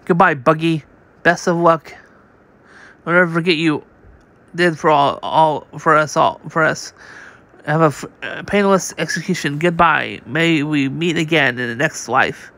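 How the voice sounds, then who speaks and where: A man reads a comic aloud in an unhurried, gravelly voice with a bright, sharp tone. His delivery is casual and unpolished. He restarts words often and voices the sound effects. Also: a little high. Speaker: channel host reading a manga aloud.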